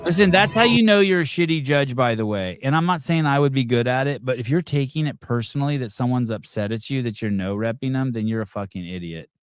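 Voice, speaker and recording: A man's voice: medium pitch, expressive, fast, hardly any pauses, clean tone. A man hosting a live podcast, reacting to videos in a blunt, profane rant. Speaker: podcast host.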